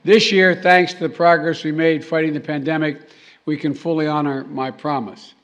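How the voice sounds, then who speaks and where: A man speaking at a formal reception, halting and restarting, with joking asides to the audience. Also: a little high, level tone, a bit bright, lo-fi sound. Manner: halting, with repeated words and trailing restarts; jokey asides to the crowd. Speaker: president giving a speech. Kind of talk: formal speech with off-the-cuff asides. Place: formal reception hall, indoors.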